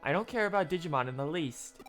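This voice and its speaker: A streamer reads all the characters of a video game aloud in a mid-pitched voice, breaking off for laughing asides. Faint game music plays underneath. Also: lively intonation, fast talker. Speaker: streamer reading a game's dialogue aloud.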